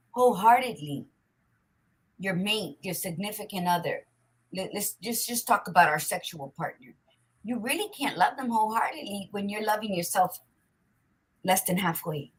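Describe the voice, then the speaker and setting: A woman's voice: mid-range voice, breathy edge, low-quality recording. A woman co-hosting a casual talk show, speaking emphatically and preaching with frequent swearing. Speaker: podcast co-host. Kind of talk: casual chat.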